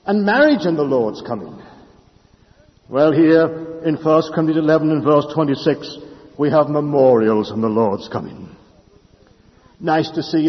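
Male preacher, loud then hushed delivery, slightly high voice, dull lo-fi sound, long hall echo. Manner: dramatic swings between loud declaration and hushed speech. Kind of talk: sermon.

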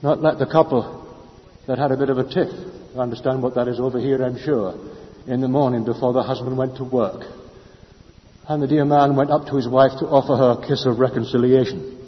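A man preaching a sermon, swinging between loud declarations and hushed speech. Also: medium pitch, fairly even intonation, a little fast. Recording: lo-fi with long hall reverb.

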